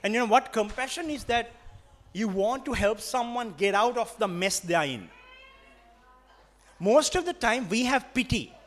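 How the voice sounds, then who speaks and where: High-voiced Sri Lankan preacher. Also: male voice, lively intonation, normal speed, long pauses, fairly bright tone. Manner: emphatic and repetitive, switching between English and Sinhala. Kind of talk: sermon.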